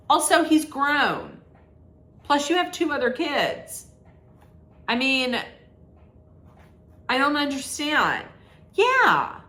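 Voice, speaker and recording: Sassy, animated woman ranting. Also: a little high. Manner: sassy, rambling, many restarts. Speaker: reality TV recap vlogger. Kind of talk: casual commentary rant.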